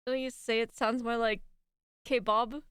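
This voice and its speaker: Brief: high-pitched woman, German native, teasing banter, dry close sound. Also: little pitch movement, fast, smooth, no echo. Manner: teasing, laughs a lot. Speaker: streamer. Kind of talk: casual stream chat.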